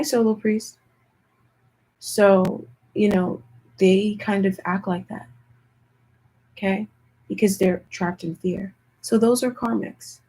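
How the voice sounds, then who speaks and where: A young woman tarot reader chatting casually with viewers in a hushed, half-whispered voice, often calling out to them directly. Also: mid-range voice, creaky, breathy edge, rough recording. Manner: chatty, keeps addressing viewers as "you guys". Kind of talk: casual livestream tarot chat.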